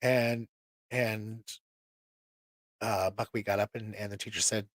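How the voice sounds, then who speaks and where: A man's voice: fairly low pitch, fairly even intonation, unhurried, no echo. A tired man hosting a show, chatting casually in a rambling way with many restarts. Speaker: host.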